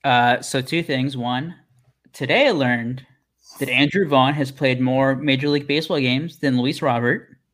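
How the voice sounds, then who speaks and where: A man's voice: mid-range voice, moderate pace, a bit bright, slight background noise. A man co-hosting a sports podcast who laughs often and asks his partner questions. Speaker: podcast co-host. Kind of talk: casual sports chat.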